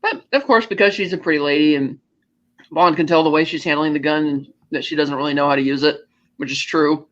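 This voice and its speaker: Higher-voiced man recapping a film. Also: fairly bright tone. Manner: retells scenes with quick offhand character voices. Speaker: podcast co-host. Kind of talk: casual movie recap chat. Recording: dull lo-fi audio.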